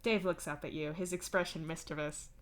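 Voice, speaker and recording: A woman streamer giving an expressive, conversational live reading of fan fiction. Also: sits low, brisk.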